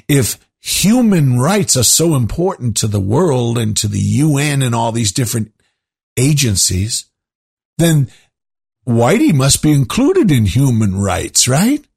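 Husky rambling man talking to listeners. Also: medium pitch, a little mellow. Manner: rambling, conversational, many asides. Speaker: show host. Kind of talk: casual monologue to listeners.

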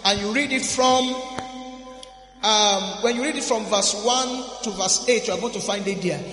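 A man preaching a sermon at a church service, emphatic and often calling out to the congregation, moving between quiet asides and shouted stresses. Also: high-pitched, normal speed. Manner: emphatic, with frequent call-and-response to the congregation. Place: church service in a large hall. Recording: echoey hall with long reverb, faint music.

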